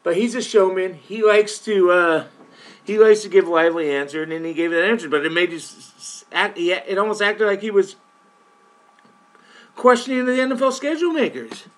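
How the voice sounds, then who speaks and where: A man's voice: high-pitched, normal speed, a bit bright. A man hosting a sports podcast, talking casually and opinionated straight to his listeners, with frequent restarts. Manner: frequent restarts and repeated words. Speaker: podcast host covering a football team. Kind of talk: casual sports talk monologue.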